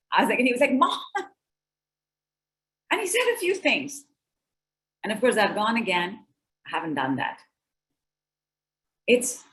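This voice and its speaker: A middle-aged woman speaking on relationships at an online summit, animated and conversational, acting out quoted exchanges. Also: medium pitch, rough recording.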